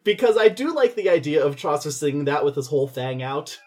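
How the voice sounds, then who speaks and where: A chatty man with a slightly raised, husky voice talks through ideas in a loose, laughing way. He is co-hosting a casual podcast conversation. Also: a little high, big pitch swings, brisk. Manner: chatty, laughing, acts out quoted lines. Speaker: podcast co-host.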